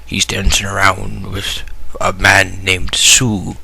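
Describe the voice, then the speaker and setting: Bright-toned rambling deadpan man. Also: sits low, a little slow, vocal fry, husky, rough recording. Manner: deadpan rambling, drops to mumbles. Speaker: vlogger. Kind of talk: absurd improvised storytelling.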